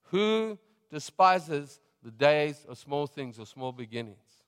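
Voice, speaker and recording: A middle-aged man with a South African accent, a pastor preaching a sermon and telling stories in a relaxed, chatty way, laughing often. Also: medium pitch, measured pace, big-room sound. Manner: conversational storytelling, laughing often.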